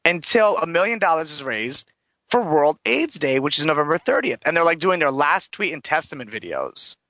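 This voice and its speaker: Animated gossipy host with a gravelly, bright voice. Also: mid-range voice, moderate pace, no echo. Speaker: show host. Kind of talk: casual celebrity gossip chat. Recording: dull lo-fi recording.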